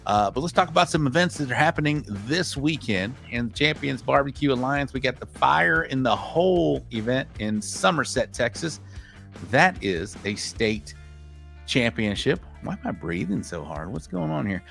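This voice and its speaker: Gravelly man hosting a live show. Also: medium pitch, animated, normal speed, a bit bright, faint music behind. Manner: rambling, self-correcting announcer. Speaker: podcast host. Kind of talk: live show segment reading event listings.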